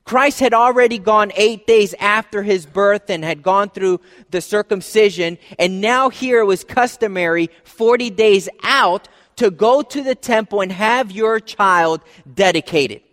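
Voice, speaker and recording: A man preaching a sermon as pastor, conversational, dropping soft and low for emphasis. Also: measured pace, hardly any pauses. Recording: long hall reverb.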